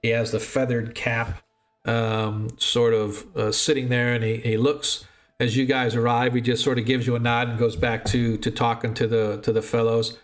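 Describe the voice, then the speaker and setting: A man's voice: medium pitch, level tone, moderate pace. A man narrating as dungeon master in loose, rambling narration. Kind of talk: narrating a tabletop game.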